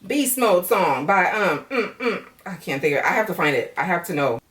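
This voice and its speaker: A woman's voice: lowish voice, sing-song, moderate pace, a bit bright, far from the mic. A woman giving a chatty, profane, laughter-filled casual recap of a reality show. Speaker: YouTube reality-show reviewer. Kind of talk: casual reaction commentary.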